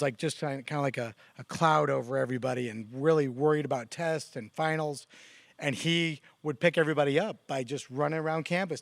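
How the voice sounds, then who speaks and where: A man chatting casually on a church talk show, telling stories with animated quoted lines. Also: dry recording. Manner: animated storyteller, quotes others with raised pitch. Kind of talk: casual conversation.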